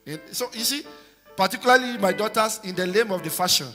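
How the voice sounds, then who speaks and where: High-pitched preacher in a reverberant hall. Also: male voice, expressive, fast talker, bright, forceful tone, soft background music. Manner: exhorting, call-and-response with congregation. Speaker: pastor. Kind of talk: sermon. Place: large church hall. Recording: live church hall with long reverb.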